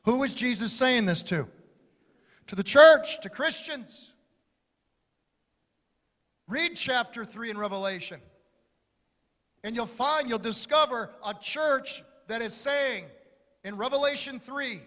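High-voiced guy preaching slow and fiery, big hall echo. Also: animated. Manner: impassioned, rising to shouts and dropping low. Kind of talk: sermon.

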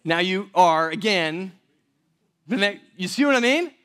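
A man with a slightly high voice teaches a verse-by-verse sermon. He talks in a relaxed, conversational way and drops in joking asides. His volume swings from loud emphasis to near-hushed lines. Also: unhurried. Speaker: pastor.

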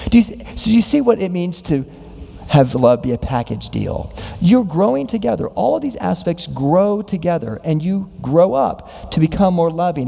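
A man preaching a sermon, asking many rhetorical questions and acting out quoted voices with big pitch jumps. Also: creaky, dark tone. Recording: long hall reverb.

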